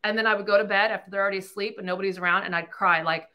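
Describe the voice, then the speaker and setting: A woman in her thirties with a mid-range voice races through her story as a podcast host, heard with lo-fi sound quality. Her candid, casual talk is blunt, animated, and heavy on swearing.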